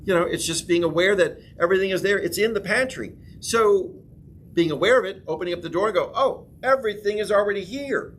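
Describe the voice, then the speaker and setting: A man's voice: high voice, fast, a little hiss or hum. Man preaching with rising emphatic proclamations. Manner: rising emphatic proclamations, leads call-and-response affirmations. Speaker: pastor. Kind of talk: sermon class teaching. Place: church classroom.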